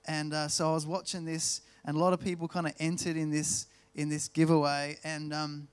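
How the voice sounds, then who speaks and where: Male Australian preacher, slightly high voice, relaxed storytelling sermon with slow emphasis. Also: clear, resonant tone. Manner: storytelling, slows down to stress key words. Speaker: pastor.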